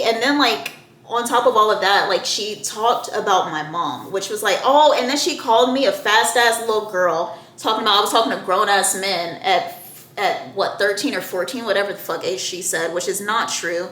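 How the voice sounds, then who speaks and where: A woman's voice: mid-range voice, fairly bright tone, echoey room. A young woman telling a personal story to her viewers in a casual, heated, profane way. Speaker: storyteller vlogger.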